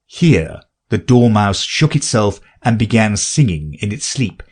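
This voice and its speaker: A man reading a children's classic aloud as an audiobook narrator, in an expressive storytelling manner. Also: sits low, measured pace, few pauses, breathy edge. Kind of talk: scripted narration.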